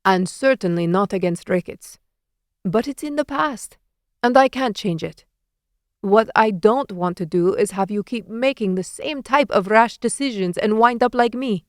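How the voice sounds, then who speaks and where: A woman's voice: medium pitch, moderate pace, no echo, clean studio sound, close to an everyday voice. A woman voicing a worried, flustered middle-aged father who speaks defensively and apologetically in an audiobook.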